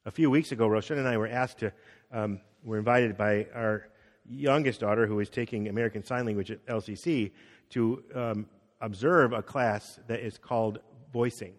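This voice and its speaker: A middle-aged man, a pastor, preaching a conversational sermon, acting out quotes and dropping soft on key words. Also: lowish voice, normal speed. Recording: long reverb of a hall.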